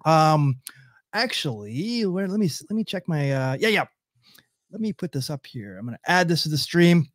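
A man's voice: fairly high pitch, big pitch swings, moderate pace, dry recording, studio quality. A man hosting a livestreamed podcast, chatty and upbeat, laughing often. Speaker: podcast host. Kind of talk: casual chat.

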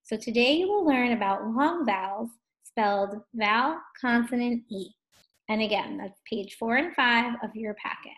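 A woman teaching a first grade phonics lesson at a distance, drawing out words slowly and gently asking young children questions. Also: fairly high pitch, expressive. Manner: slow, drawn-out words sounded out for children.

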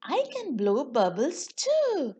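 A woman voicing a kind young princess babysitter in a read-aloud storybook, gentle and encouraging. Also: high-pitched, wildly swooping pitch, slow pace, voice pushed up, full character voice.

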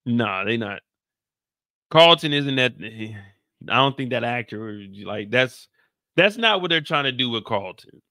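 A man hosting a casual TV recap, animated and slangy, often laughing. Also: mid-range voice, a little slow, no echo, studio quality. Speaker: show recap host. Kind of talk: casual commentary.

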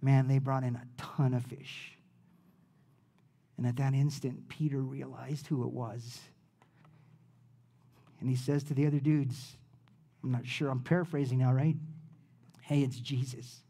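A man preaching a sermon as pastor, telling the story in a casual way with slang, rising loud and dropping to a hush. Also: medium pitch, fairly even intonation, measured pace, vocal fry, long pauses.

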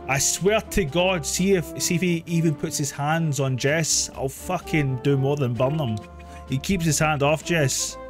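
A man, casually commentating a live game, excitable, swearing and laughing often. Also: fairly high pitch, normal speed, faint music behind. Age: 30s. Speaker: streamer.

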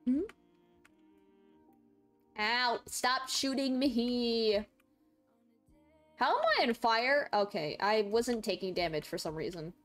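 A young college woman streams a game, chatting casually with viewers, laughing a lot and reading their messages aloud. Her voice is on the high side and slow, with frequent pauses, over soft background music.

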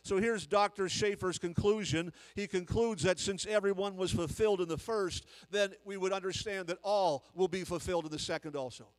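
A man's voice: high voice, normal speed, hardly any pauses, long reverb tail, low-quality recording. A man, a guest preacher, delivering an emphatic sermon full of repetition and rising intensity.

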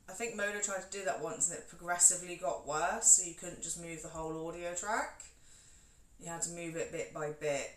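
A woman chatting to her live-stream viewers while she cooks at home, joking about herself as she moves around the kitchen. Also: on the low side. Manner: chatty and self-mocking, talks to viewers while moving around. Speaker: cooking streamer. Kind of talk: casual live-stream chat while cooking. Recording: roomy kitchen, far from mic, background noise.

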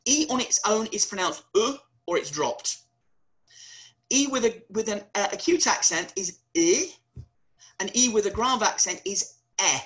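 A university lecturer giving a webinar talk, animated and wry, often spelling words out letter by letter. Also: medium pitch, rough recording.

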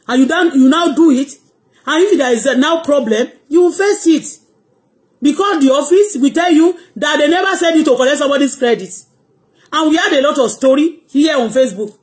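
A woman's voice: high voice, a little mellow. A Nigerian-accented woman on a live-stream vlog, telling long anecdotes emphatically, with frequent asides. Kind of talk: casual live-stream storytelling.

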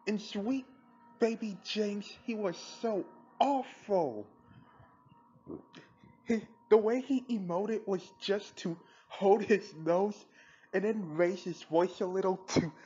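A woman's voice: medium pitch, mellow, dull audio, slight background noise. A woman hosting a podcast, giving a blunt, sarcastic and exasperated review. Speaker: podcast host. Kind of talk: opinionated review commentary.

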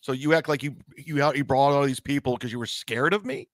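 A man's voice: medium pitch, brisk, no room sound. A man telling a story casually, then arguing defensively and repeating accusations of lying. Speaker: call-in guest. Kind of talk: casual storytelling and heated argument.

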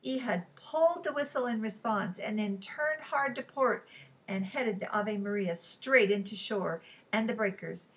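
A woman narrating an audiobook in a steady, even storytelling voice. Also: medium pitch, unhurried, poor audio. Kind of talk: scripted narration.

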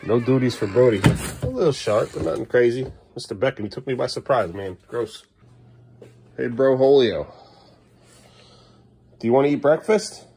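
A man's voice: medium pitch, lively intonation, normal speed, gravelly, pauses often, warm tone, slight background noise. A man in his thirties, a sleepy father filming a casual family vlog at home and outside, teasing and coaxing his kids along. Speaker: father and vlogger. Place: home kitchen, then outdoors by the street.

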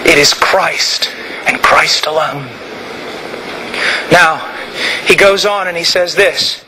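A man preaching a sermon, moving between quiet reflection and fervent shouting. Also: a little high, takes it slowly, noisy background. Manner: impassioned, swings from quiet to shouting.

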